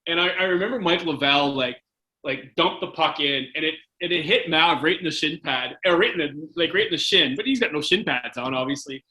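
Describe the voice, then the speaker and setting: A man's voice: on the high side, brisk, bright, forceful tone, poor audio. A man in his forties, a former hockey player telling rambling stories as a podcast guest, with many fillers and restarts. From Canada. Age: 40s. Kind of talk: casual storytelling.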